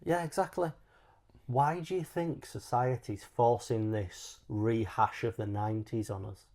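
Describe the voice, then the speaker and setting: A man co-hosting a podcast, telling stories in relaxed, jokey banter. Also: lowish voice, unhurried. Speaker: podcast co-host. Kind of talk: casual chat.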